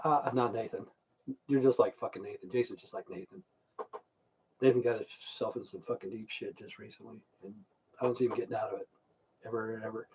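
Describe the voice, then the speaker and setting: A man's voice: on the low side, brisk, a little mellow, slight background noise. A middle-aged man chatting casually on a live stream, rambling through stories and swearing constantly. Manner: reads out chat viewer names. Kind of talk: rambling casual livestream chat.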